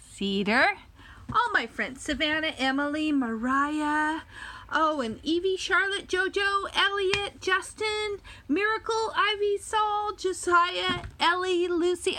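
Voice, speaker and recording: A woman reading a picture book to young children, talking slowly and directly to them, recorded on a phone camera. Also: very high voice, bright, forceful tone. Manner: slow, sing-song, speaks directly to young children. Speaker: children's storyteller.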